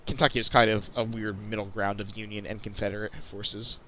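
A man's voice: fairly low pitch, flat delivery, brisk, sharp tone, low-quality recording. A young man hosting a casual flight simulator tour, chatting along with many fillers and restarts over a faint background hum. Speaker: video host. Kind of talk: casual flight sim commentary.

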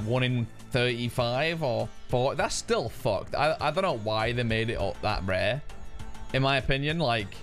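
Streamer guy, sweary and excitable, really bouncy pitch, quiet music behind. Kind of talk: casual gaming stream chat.

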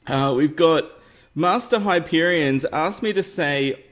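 A man's voice: a little high, takes it slowly, a bit bright. A man hosting a casual game tutorial, chatty and upbeat, often laughing at himself. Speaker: gaming YouTuber host. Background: faint game music.

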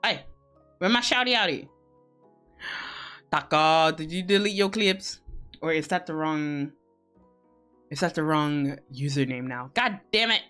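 A woman's voice: low voice, takes it slowly, pauses often, a bit bright, faint music behind. A woman streamer hosting a co-working stream, chatting casually with viewers in a teasing, profane, giggly way.

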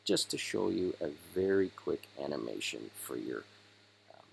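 A man hosting a casual step-by-step software tutorial, hoarse as he is losing his voice. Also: very deep voice, animated, normal speed, slight background noise, rough recording. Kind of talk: screen-recorded software tutorial.

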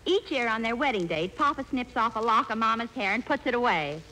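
A woman's voice: fairly high pitch, animated, fairly quick, bright, forceful tone, rough recording. A woman co-starring in a 1940s radio comedy, delivering punchlines in a dry, breezy way. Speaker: comedic co-star. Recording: very hissy 1940s radio broadcast.

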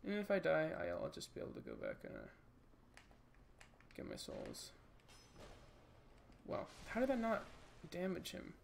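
A man's voice: high-pitched, wildly swooping pitch, unhurried, vocal fry, long pauses, slight background noise. A man giving casual let's-play commentary, joking and rambling and talking to the enemies on screen. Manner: jokey, rambling, talks to game enemies. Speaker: gaming channel host.

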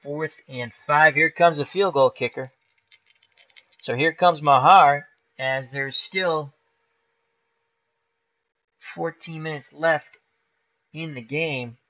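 Man, higher-pitched and very bright, casual play-by-play of a dice football game over dull lo-fi stream audio. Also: takes it slowly, pauses often. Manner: casual, explains dice rolls aloud, excitable at big plays. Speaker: tabletop football game host.

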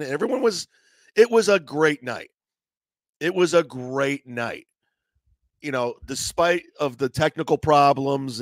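A man's voice: mid-range voice, dry recording. A man telling a story in a casual, profane rant, acting out what other people said. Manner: animated, profane, acts out other people's lines. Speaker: comedian telling a story on his show.

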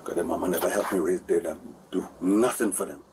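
Distant bodycam audio with faint background noise picks up a man in his forties arguing with officers. He speaks fairly quickly in a low voice with fairly even intonation, going in circles, repeating points and seeking their agreement.

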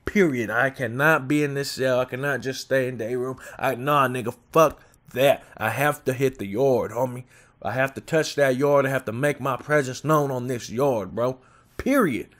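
A man's voice: mid-range voice, moderate pace. Streetwise young man telling stories. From California. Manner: streetwise slang, laughs often, animated retelling. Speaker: storyteller. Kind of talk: casual storytelling.

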